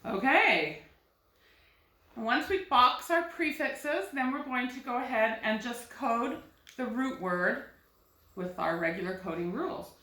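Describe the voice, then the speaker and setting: A first grade teacher, a woman, talking young children through a recorded phonics lesson with slow, clear explanations. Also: a little high, lively intonation, sharp tone, echoey room.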